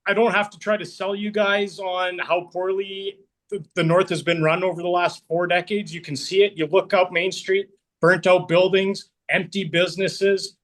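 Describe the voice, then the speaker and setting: Forceful man candidate, plain-spoken. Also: high-pitched. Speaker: election candidate. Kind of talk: closing statement. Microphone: video call.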